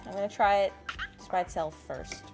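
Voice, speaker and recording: A woman's voice: mid-range voice, gravelly, a little mellow, soft background music. A woman hosting a fishing vlog, chatting upbeat and giggly as she tastes food and signs off. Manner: upbeat, giggly, quick sign-offs. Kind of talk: casual vlog chat.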